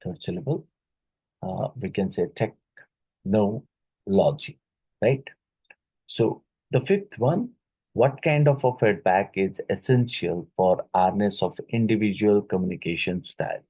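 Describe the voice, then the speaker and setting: A man with an Indian English accent teaching exam questions, repeating key words and filling pauses. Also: lowish voice, expressive, mellow, slightly rough, no room sound, poor audio. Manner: slow, repeats key words, many fillers. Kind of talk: exam question-and-answer lecture.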